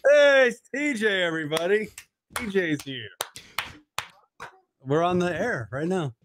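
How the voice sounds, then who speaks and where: A man's voice: high-pitched, expressive, measured pace, fairly bright tone, slight background noise. A man hosting a radio show, rambling through lead-ins to the breaks.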